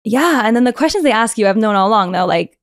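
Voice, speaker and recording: A young woman guest on a podcast telling her story in a fast, animated way, full of fillers. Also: on the high side, no room sound, studio quality. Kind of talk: casual interview talk.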